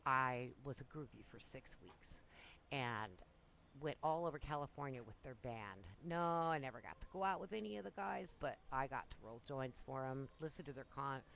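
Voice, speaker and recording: A woman's voice: extremely low pitch, expressive, normal speed, creaky, a bit bright, slight background noise, poor audio. Chatty woman telling wild stories. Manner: chatty, breezy, self-amused anecdotes. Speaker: storyteller. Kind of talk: casual personal storytelling.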